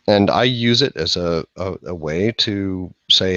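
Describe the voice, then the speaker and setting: A man's voice: low voice, unhurried, few pauses, a bit bright, no room sound. A man in casual chat who rambles, restarts and swears, recorded with a dull, dry lo-fi sound. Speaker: podcast host.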